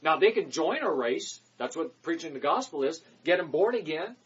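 Male preacher, sermon delivery: emphatic repeated declarations, quick asides, husky tone. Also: a little high, lively intonation, a bit bright, dull audio.

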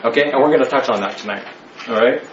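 A man's voice: medium pitch, fast talker, a little hiss or hum. A man teaching a Bible study class, emphatic and joking, full of rhetorical questions. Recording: echoey, slightly dull room.

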